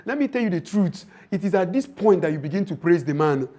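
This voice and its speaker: A man with a high-pitched voice lectures on relationships in a training session. He speaks emphatically and preachily, and he acts out the lines of husbands and wives as he goes. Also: animated, fast, dark tone. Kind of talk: training talk to women.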